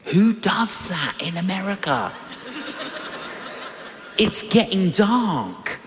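A man's voice: high-pitched, measured pace. An older man preaching a sermon, telling a personal story and acting out the voices of people in it. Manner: animated storytelling, acts out voices in quotes. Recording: long reverb of a large hall.

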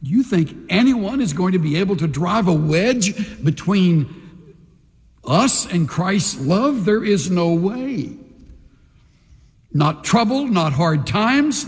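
A man preaching a sermon as pastor, emphatic, with slow dramatic pauses between phrases. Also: high-pitched. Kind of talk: sermon with altar call. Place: large church sanctuary. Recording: long reverb in a large hall.

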